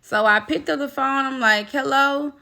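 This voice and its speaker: A woman's voice: high-pitched, moderate pace, vocal fry, sharp tone. A woman telling a personal story to her viewers in a casual storytime vlog, emphatic and talking straight to them. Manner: emphatic, talks straight to viewers, acts out quoted voices.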